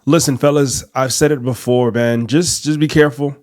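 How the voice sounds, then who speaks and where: Calm man advising listeners. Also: mid-range voice, normal speed, noisy background. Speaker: podcast co-host. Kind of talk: advice to male listeners.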